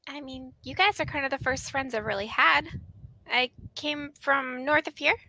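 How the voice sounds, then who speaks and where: A woman speaks in character at a tabletop game. Her voice is high and bright, with a gravelly edge. It sounds close and dry. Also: normal speed, no echo, low-quality recording. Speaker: player.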